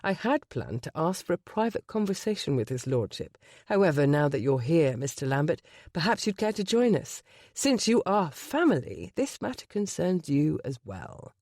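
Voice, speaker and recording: A narrator voicing a ruthless self-made duke in an audiobook, speaking in a low, smooth and threatening way. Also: male voice, very animated, moderate pace, darkish tone, dry recording, studio quality. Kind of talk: audiobook character voice.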